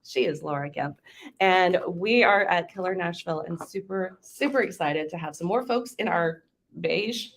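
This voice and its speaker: A woman's voice: fairly low pitch, moderate pace, vocal fry. A woman from South Louisiana with a light Southern accent, hosting a casual podcast interview and laughing often. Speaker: podcast host.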